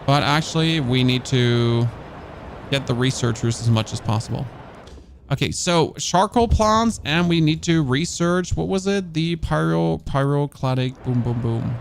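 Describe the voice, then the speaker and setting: A German man with a German accent casually commentates on a game he's streaming, thinking out loud and chatting with his viewers. His voice is on the high side, gravelly and unhurried. There's a little hiss or hum in the recording.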